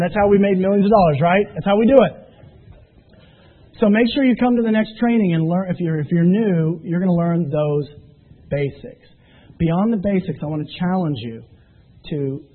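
Casting: motivational trainer, man, high-pitched and husky, animated storyteller, tinny phone-line sound. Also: moderate pace. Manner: animated storytelling with emphatic rising peaks. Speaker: business trainer.

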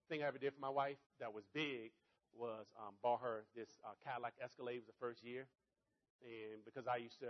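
A middle-aged man giving a motivational talk to a live audience, telling stories and acting out both sides of the dialogue. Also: highs cut off. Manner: animated, pitch rising sharply when excited. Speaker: motivational speaker.

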